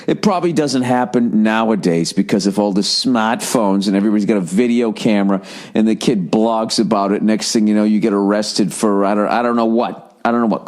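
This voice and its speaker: A man's voice: lowish voice, brisk, a little mellow. A man in his forties hosting a solo podcast, ranting in a rambling, profane way and mocking people with put-on voices. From United States. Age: 40s. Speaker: podcast host.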